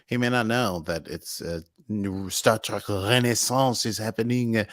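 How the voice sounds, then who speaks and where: A man's voice: fairly low pitch, measured pace, no echo, clean studio sound. An American man co-hosting a podcast, chatting casually and playfully, joking around. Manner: playful, jokey, drifts into put-on accents. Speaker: podcast co-host. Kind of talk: casual chat.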